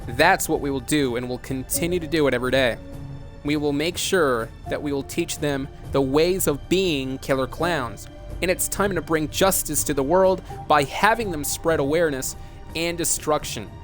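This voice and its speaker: A man voicing a menacing, scornful adult male killer clown leader, speaking in a slow, defiant, contemptuous way. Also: fairly high pitch, faint music behind, natural voice.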